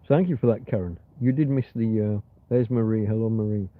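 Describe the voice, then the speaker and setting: A man's voice: mid-range voice, quick pace, gravelly, hardly any pauses, no room sound. A middle-aged man hosting a casual livestream from bed, rambling and reading chat messages aloud, with frequent swearing. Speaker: livestream host. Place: in bed in a van or caravan. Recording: tinny phone-like sound.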